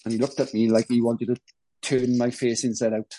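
A man with a Welsh accent, a former band drummer, telling rambling, excitable stories as a podcast guest. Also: medium pitch, fairly quick, rough recording. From Wales. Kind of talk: casual podcast chat.

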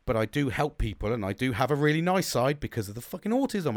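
With big swings in his medium-pitched voice and a fairly quick pace, a British vlogger delivers an unscripted personal monologue, with no room sound. He talks bluntly, swears frequently and often starts sentences over, admitting he's bolshy, gobby and unfiltered.

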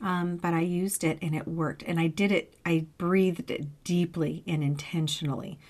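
On a podcast she co-hosts, a middle-aged woman tells a story in a loose, animated style, laughing a lot and swearing without hesitation. Her voice is on the low side, and she speaks at a moderate pace.

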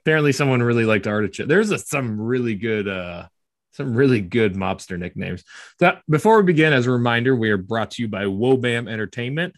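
A man hosts a casual podcast in a voice of middling pitch. He keeps things jokey and upbeat, tripping into loose restarts now and then. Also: expressive, brisk. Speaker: podcast host.

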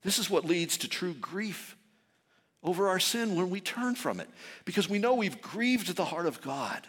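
Impassioned high-voiced pastor preaching. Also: male voice, expressive, normal speed, gravelly. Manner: impassioned, swings from loud shouting to soft intimate tones. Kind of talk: sermon. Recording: long hall reverb.

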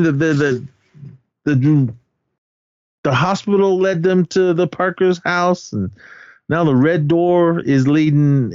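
A man's voice: mid-range voice, no room sound, highs cut off. A man co-hosting a podcast, recapping a film's plot in a casual, rambling way, full of fillers and restarts. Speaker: podcast co-host.

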